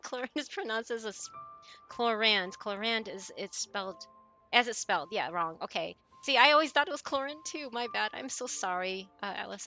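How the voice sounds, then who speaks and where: A woman's voice: medium pitch, pushed and bright. A woman from the United States streaming live, chatting casually and reading viewer messages aloud, laughing often and stumbling over names. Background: faint music.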